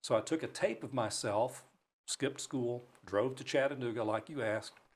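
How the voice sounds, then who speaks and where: A man from Alabama, a broadcaster guest, telling lively, self-mocking stories in a studio interview. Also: mid-range voice, moderate pace, husky. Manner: animated, self-mocking storyteller. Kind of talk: storytelling in a talk show interview. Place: radio studio.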